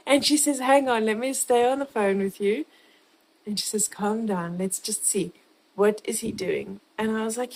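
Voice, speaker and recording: A woman from South Africa, vlogging in a casual, animated way, swearing freely as she retells a chaotic comic mishap. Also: fairly high pitch, normal speed, gravelly, a little hiss or hum, rough recording. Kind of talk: casual storytelling to camera.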